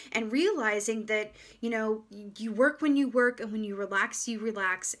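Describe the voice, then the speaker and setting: A woman giving a casual, gentle tarot reading to her viewers, reflective and full of fillers and restarts. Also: a little high. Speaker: tarot reader.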